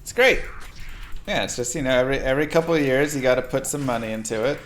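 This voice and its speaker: A man's voice: mid-range voice, fast talker, slight background noise. A man streaming a game, chatting and joking with viewers as he plays. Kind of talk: casual gameplay commentary.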